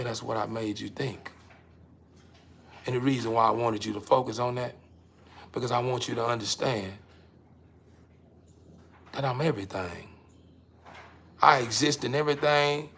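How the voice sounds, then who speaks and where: A man hosting his own show, delivering a casual, emphatic monologue to the camera that he keeps repeating himself through, swinging between loud and quiet. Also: medium pitch, vocal fry, a little hiss or hum.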